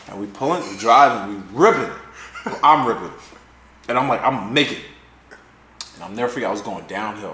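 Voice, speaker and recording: A man's voice: mid-range voice, moderate pace, a little hiss or hum. Profane young man telling a story, roomy echo. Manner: profane, animated storyteller acting out quotes. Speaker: podcast host. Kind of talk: casual storytelling chat. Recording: echoey room.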